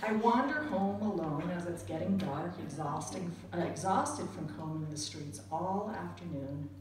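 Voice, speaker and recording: A woman's voice: on the low side, a little slow, a loud crowd. Wry woman storyteller, echoey and distant. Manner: wry, self-deprecating. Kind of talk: live comic storytelling to an audience. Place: cafe storytelling night. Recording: echoey cafe recording from far off with room noise. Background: audience laughter.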